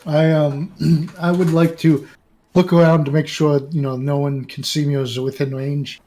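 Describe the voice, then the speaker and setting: Guy playing a tabletop game, kinda high voice, halting, keeps clearing his throat. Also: flat delivery, mellow. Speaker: player.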